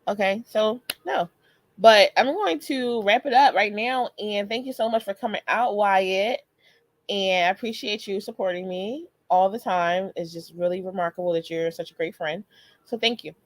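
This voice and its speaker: A woman's voice: mid-range voice, normal speed, no room sound. A woman in her thirties hosting a live motivational stream, talking casually and often laughing as she greets viewers. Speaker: host.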